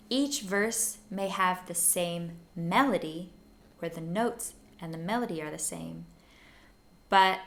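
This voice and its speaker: A woman's voice: on the low side, gravelly, a bit bright. A woman teaching songwriting in a patient, encouraging lesson, singing short phrases to show a melody. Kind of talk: gentle step-by-step lesson for learners.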